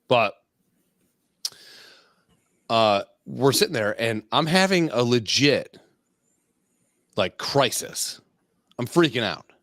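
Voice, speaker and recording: A man's voice: mid-range voice, big pitch swings, takes it slowly, pauses often, fairly bright tone, no room sound, studio quality. A man co-hosting a casual live podcast, telling crude stories in a rambling way with laughs. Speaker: podcast co-host. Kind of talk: casual chat.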